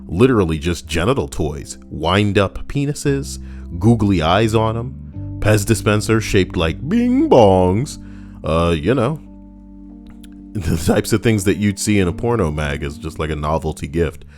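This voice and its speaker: A man's voice: sits low, sing-song, a little slow, darkish tone, soft background music. A man reading stories aloud for his channel and breaking off into joking, rambling asides, swearing casually.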